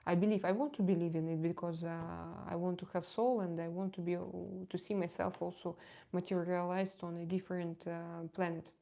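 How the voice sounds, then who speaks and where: A woman's voice: lowish voice, steady tone, fairly quick, dark tone. A woman tarot reader chatting casually on her live stream, candid and confiding, often hesitating and repeating words as she searches for them. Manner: candid and confiding, laughs easily.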